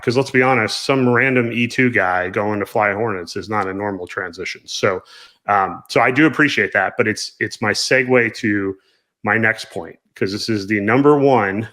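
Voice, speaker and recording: A man in his thirties hosting an interview, earnest and halting with many restarts. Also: on the low side, bright, forceful tone. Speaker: podcast host interviewer. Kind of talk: casual interview chat.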